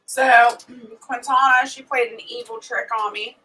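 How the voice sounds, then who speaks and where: A woman with a high, bright voice chats casually with her live-stream viewers. She is outspoken and quick to vent. Her voice sits a little back from the microphone. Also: fairly even intonation, slight background noise. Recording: voice a bit distant from the mic.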